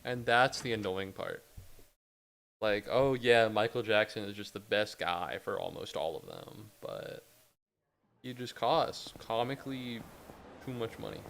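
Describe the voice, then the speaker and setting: Slow-talking man doing game commentary. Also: fairly low pitch, creaky, a little hiss or hum. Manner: rambling, profane, bursts into excited yelling. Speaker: gaming YouTuber. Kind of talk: casual gameplay commentary.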